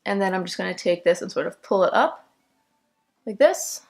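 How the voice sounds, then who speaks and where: Young female vlogger, casual step-by-step makeup talk, mid pitch, easy laughs. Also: expressive, normal speed. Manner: chatty, step-by-step, laughs easily.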